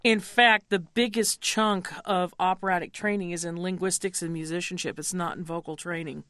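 A woman's voice: on the low side, steady tone, fairly bright tone, no echo. Articulate woman opera singer, dry studio. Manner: thoughtful, candid, coaches pronunciation slowly. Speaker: opera singer, mezzo-soprano guest. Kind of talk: interview conversation.

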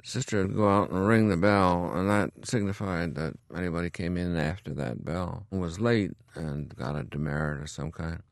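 A man's voice: low-pitched, normal speed, hardly any pauses, dry recording, studio quality. A retired country doctor in his eighties, telling wry stories from his school days to his grandson. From upstate New York. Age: 80s. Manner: wry, chuckling storyteller. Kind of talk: storytelling interview.

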